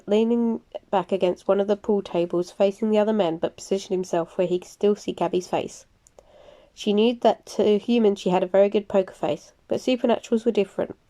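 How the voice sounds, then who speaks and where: A woman reading a novel aloud for her channel, speaking with a mellow, relaxed tone. She narrates steadily and chats casually with her viewers between readings. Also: medium pitch. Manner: chatty, self-deprecating. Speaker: book reader and crafting channel host. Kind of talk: audiobook narration.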